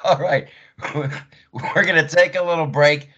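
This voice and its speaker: A man's voice: a little high, steady tone, slow pace, a bit bright, highs cut off. Easygoing male podcast host. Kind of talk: casual interview talk.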